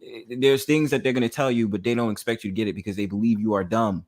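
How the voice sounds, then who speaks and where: A man's voice: lowish voice, steady tone, fast talker, a little mellow. A man in casual podcast chat who rambles, agrees readily and laughs often, with many ums. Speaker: podcast co-host.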